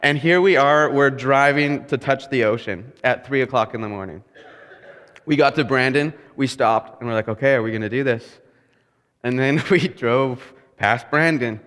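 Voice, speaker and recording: A man's voice: mid-range voice, moderate pace, a bit bright. A young man preaching a sermon, telling a personal story in a candid, self-mocking way and laughing at himself as he goes. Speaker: pastor. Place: church sanctuary. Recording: long hall reverb.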